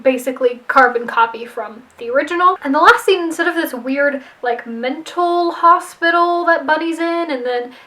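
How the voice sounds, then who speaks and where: A woman's voice: high-pitched, moderate pace, few pauses, sharp tone, poor audio. A woman casually retelling a movie plot she rewrote, chatty and playful with wry asides. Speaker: screenwriter rewriting a movie plot. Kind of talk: casual storytelling recap.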